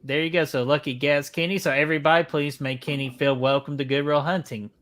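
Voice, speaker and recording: A man's voice: fairly high pitch, little pitch movement, fairly quick, a bit bright. A man hosting a movie watch-party stream, joking around and welcoming viewers from the chat. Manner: playful, jokey, welcomes viewers by name. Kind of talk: casual chat over a movie.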